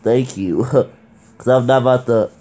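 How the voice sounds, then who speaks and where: A man reacting to an anime episode in casual commentary, excitable and quick to burst out emotionally. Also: medium pitch, slight background noise. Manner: excitable, exclaiming, emotional outbursts. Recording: show's music playing behind voice.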